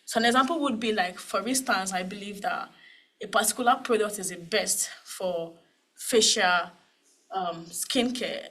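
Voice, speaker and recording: A woman's voice: medium pitch, a little slow, a bit bright, low-quality recording. Nigerian woman giving a chatty conference talk. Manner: conversational, many tag questions and fillers. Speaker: panel speaker on cybersecurity.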